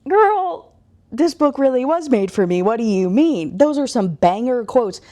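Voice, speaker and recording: A woman's voice: fairly high pitch, animated, moderate pace, warm tone. A woman and book reviewer recapping a novel in a casual, enthusiastic way, full of fillers.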